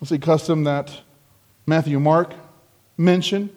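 A man with a fairly high voice preaching a verse-by-verse sermon. He speaks slowly and deliberately, leaning into emphatic lines when he quotes the crowd. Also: fairly even intonation, a little mellow. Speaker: pastor. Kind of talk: expository sermon.

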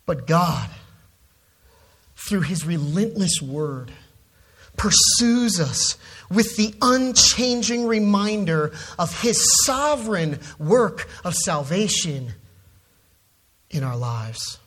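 Slow steady preacher going verse by verse, leans on words hard, says "it, it, it" when restarting. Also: medium pitch, slightly rough. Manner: emphatic, stresses key words, repeats words when restarting. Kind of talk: expository sermon.

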